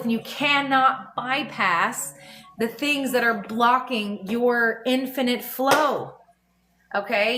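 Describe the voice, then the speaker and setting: A woman's voice: fairly high pitch, a bit bright, a little hiss or hum. Frank, swearing woman teaching on a livestream. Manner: frank, swears freely, often checks in with "okay?". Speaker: spiritual teacher. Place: home livestream. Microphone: phone. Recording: echoey room with faint music.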